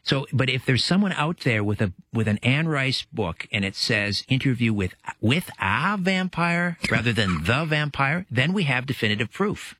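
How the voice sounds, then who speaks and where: A man's voice: medium pitch, animated, moderate pace, hardly any pauses, fairly bright tone, husky, no echo. A man guest-hosting a late-night radio talk show, chatty, often correcting himself mid-sentence. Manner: chatty, restarts and self-corrections. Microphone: studio microphone.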